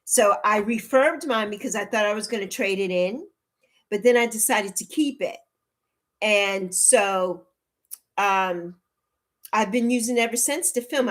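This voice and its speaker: A woman in her sixties hosting a casual livestream, flustered and pleading for help while greeting viewers by name. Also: on the high side. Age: 60s. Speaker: livestream host. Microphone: laptop mic.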